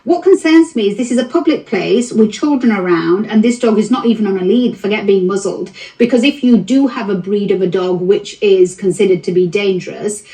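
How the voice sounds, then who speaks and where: A woman gives her opinion in a played broadcast clip, measured and methodical. Her voice is mellow and sits far from the mic in a roomy, echoing space. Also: medium pitch.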